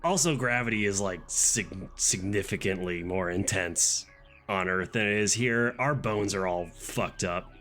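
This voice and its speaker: A man's voice: sits low, unhurried, fairly bright tone, faint music behind. A man voicing a wary, matter-of-fact male crew member in a tabletop game.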